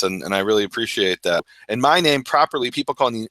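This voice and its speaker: Bright-toned storytelling man. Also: lowish voice, fast talker, no room sound. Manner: animated, laughs often, acts out his own past words. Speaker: Hebrew scholar guest. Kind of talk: storytelling interview talk.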